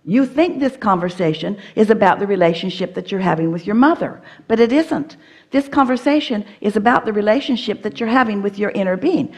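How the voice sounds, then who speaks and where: A woman's voice: mid-range voice, lively intonation, a little fast. A woman teaching at a live seminar, speaking as "we" and coaching an audience member step by step in a firm, playful manner.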